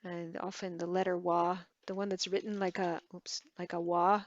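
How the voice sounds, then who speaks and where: A woman teaching a Tibetan lesson, halting and correcting herself as she spells words out syllable by syllable. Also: fairly low pitch, flat delivery, no echo, dull audio. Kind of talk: relaxed online language lesson.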